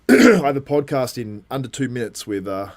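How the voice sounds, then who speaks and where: A man casually commenting on a live event for his stream, chatty and quick to restart his sentences. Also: medium pitch, huge pitch swings. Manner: chatty, with frequent restarts and laughter. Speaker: livestream host.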